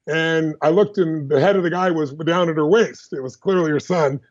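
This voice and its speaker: A man as a podcast guest, telling personal stories in an animated, emphatic, fast-flowing way. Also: fairly high pitch, muffled recording. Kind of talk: energetic personal storytelling.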